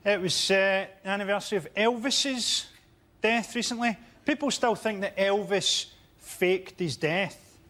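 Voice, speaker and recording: A man delivering deadpan stand-up one-liners. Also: sits high, measured pace. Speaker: comedian. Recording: studio with audience noise.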